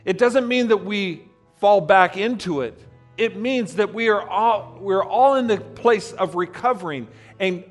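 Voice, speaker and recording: A male pastor delivers an earnest sermon in a fairly high voice, pressing his points with repeated, emphatic phrases. Soft music plays faintly underneath him. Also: unhurried.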